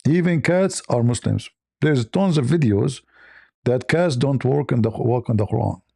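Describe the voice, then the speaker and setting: A man's voice: moderate pace, creaky, mellow, husky, no room sound, clean studio sound. A man hosting a casual talk show, rambling through a story with many restarts and fillers. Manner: rambling, many restarts and fillers, squeaky voices when quoting. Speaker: host.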